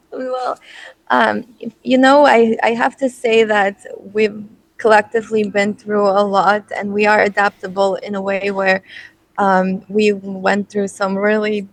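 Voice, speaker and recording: A woman being interviewed about her band, talking casually with many fillers and halting restarts. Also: mid-range voice, level tone, no room sound, poor audio. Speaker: band singer, interview guest.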